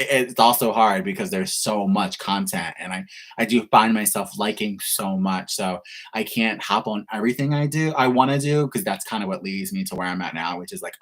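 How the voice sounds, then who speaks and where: A deep-voiced man with a fairly bright tone hosts a reaction channel, answering viewer questions in a casual livestream chat. He's effusive and gushing, saying "like" constantly.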